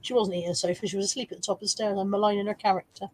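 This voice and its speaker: A woman's voice: fairly even intonation, racing, a little mellow, dry recording, rough recording. A woman hosting a casual live stream from home, reading viewer comments aloud and laughing easily. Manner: high baby-talk voice to her dog.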